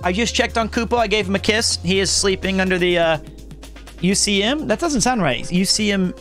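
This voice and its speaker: A man in his thirties with a high, bright, sharp voice chats loosely on a live stream. He rambles through self-mocking tales and cracks jokes. Soft music plays behind him. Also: animated, brisk. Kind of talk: casual chat with live chat.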